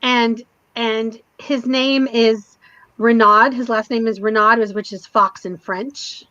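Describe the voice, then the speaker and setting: High-voiced woman, emotional chat. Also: slow, no echo. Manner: emotional, animated storyteller. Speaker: co-host. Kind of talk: casual chat recapping a TV episode. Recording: dull lo-fi stream audio.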